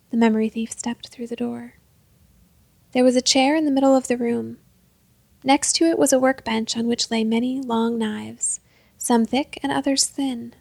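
A woman reading a story aloud in a soft, unhurried voice that often drops to a half-whisper. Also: fairly high pitch, creaky, no echo. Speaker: narrator. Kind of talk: scripted story narration.

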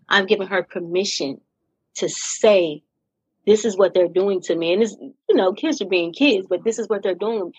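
Husky, earnest middle-aged woman. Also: mid-range voice, no echo, poor audio. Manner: earnest and deliberate, stressing key phrases. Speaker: podcast guest. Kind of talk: candid personal storytelling in conversation.

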